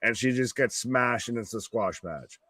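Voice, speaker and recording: A man's voice: mid-range voice, moderate pace, sharp tone, no room sound. A man hosting a live reaction stream, joking, swearing freely and laughing at his own lines. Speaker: host of a live wrestling watch-along stream. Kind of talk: casual live reaction chat.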